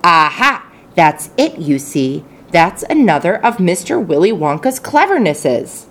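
Woman doing an old grandfather, low hushed confiding voice, storybook reading. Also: very animated, measured pace. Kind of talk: audiobook reading.

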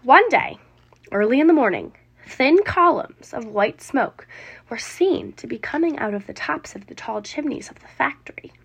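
A woman reads a children's book aloud with expressive, dramatic storytelling. Her voice sits high and swoops widely to bring the tale to life. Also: moderate pace, creaky, breathy edge.

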